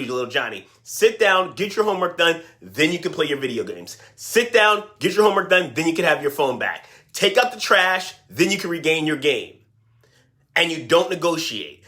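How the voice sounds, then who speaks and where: A middle-aged man coaching parents straight to camera, energetic and emphatic, often putting questions to his viewers. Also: on the high side. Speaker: parenting and teen life coach. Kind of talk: direct-to-camera coaching talk.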